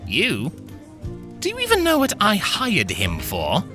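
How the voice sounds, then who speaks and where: A small male goblin with a sharp, nasal, very high voice, articulate and sophisticated but quick to frustration. His speech leaps in pitch with bright edges. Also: wildly swooping pitch, faint music behind, exaggerated voice. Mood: haughty. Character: small, clever, well-dressed male goblin.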